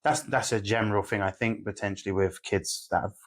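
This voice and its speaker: Podcast co-host guy, lowish voice, lots of mm-hmms and thoughtful follow-ups. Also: steady tone, fairly quick. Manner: supportive listener, reflective, many fillers. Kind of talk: candid podcast conversation.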